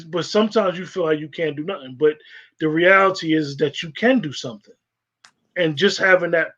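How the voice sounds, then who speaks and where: A man hosting a casual livestream talk show, relaxed and slangy with frequent fillers. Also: high voice. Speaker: host. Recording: dull lo-fi livestream audio.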